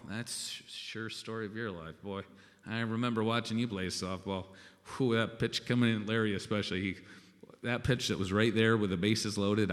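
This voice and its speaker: A man's voice: on the low side, gravelly, a bit bright. A man preaching a sermon in a folksy, conversational way, often checking in with "okay?". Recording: long reverb of a large hall.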